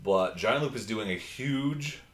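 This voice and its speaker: A man's voice: lowish voice, expressive, a little slow, echoey room. A man hosting a casual livestream, chatting and answering viewer comments from his home computer. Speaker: livestream host.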